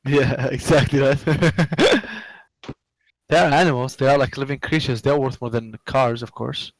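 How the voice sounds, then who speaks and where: Halting gravelly man muttering. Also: medium pitch, fairly even intonation, low-quality recording. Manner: halting, repeats words, mutters to himself. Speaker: game developer streaming. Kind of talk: casual chat while coding.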